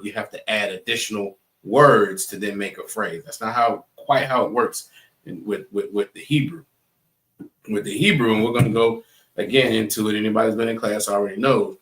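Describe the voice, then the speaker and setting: Male class instructor, mid-pitched, emphatic, repetitive, talks straight to the stream chat. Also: a bit bright. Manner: emphatic, repeats points, asks "right?" often; addresses chat viewers directly. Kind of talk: live online class lecture.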